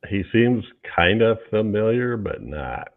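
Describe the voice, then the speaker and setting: A man with a low voice on a film review podcast, pausing and filling with ums as he checks cast facts. His sound comes through thin and tinny, like a phone line. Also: sing-song, creaky. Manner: hesitant, many ums, looks up cast facts. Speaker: podcast co-host. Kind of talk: casual film review chat.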